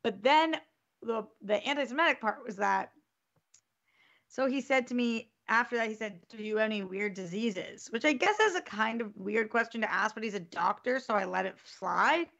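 Woman, casual storyteller, gravelly edge, lively quoting, lo-fi recording. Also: on the high side, moderate pace. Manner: animated, acts out quotes, swears freely. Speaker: storyteller in a group chat.

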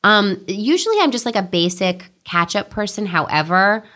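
A woman's voice: mid-range voice, lively intonation, moderate pace, sharp tone. A woman from New York's suburbs, an actress answering interview questions in a chatty, candid, self-deprecating way. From Westchester, New York. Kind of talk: casual interview chat.

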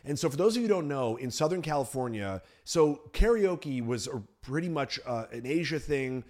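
A man hosting a comedy podcast at an ordinary middle pitch. He talks casually and jokes, dropping into quick impressions of cartoon characters as he tells stories. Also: expressive, a little mellow. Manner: jokey, slips into quick character voices. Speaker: podcast host.

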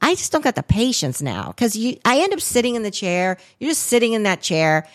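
A sing-song, slightly high-pitched woman co-hosts a podcast at a brisk clip. She meanders through an anecdote in easygoing conversation, dropping swear words and saying "like" constantly among other fillers.

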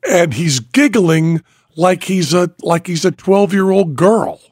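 A man hosting a podcast, telling a story in an animated, casual way and laughing as he goes. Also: sits high, slow pace, no room sound, clean studio sound. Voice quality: gravelly and husky. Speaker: podcast host.

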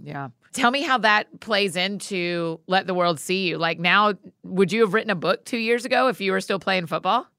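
A woman's voice: medium pitch, expressive, normal speed, few pauses, bright, forceful tone, no echo, studio quality. A woman interviewing a guest in a conversational way, affirming him with short reactions.

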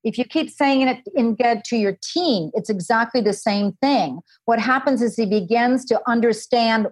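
A woman's voice: fairly high pitch, normal speed, hardly any pauses. A woman guest on a podcast interview, earnestly explaining parenting and acting out what parents and children say. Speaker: guest author and parenting expert.

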